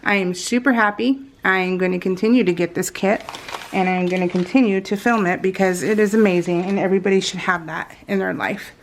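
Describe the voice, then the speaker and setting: An excitable woman at a middle pitch, her voice carrying a gravelly, fry-tinged edge. She gushes over each find in casual chat and keeps slipping into hushed whispers. A faint hiss sits under the recording. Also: a little fast. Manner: gushing and excitable, often dropping to a soft whisper. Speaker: craft vlogger.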